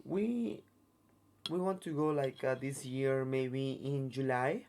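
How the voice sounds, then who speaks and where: Interview guest: man, broken English, many restarts, middling pitch. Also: slow pace, a little mellow. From Mexico. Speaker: guest, circus artist. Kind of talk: casual storytelling interview.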